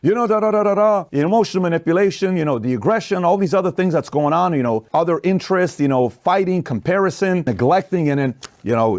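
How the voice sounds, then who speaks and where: A man giving an opinionated, forceful monologue with rhetorical questions. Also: mid-range voice, expressive, fairly quick, no echo. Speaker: commentator.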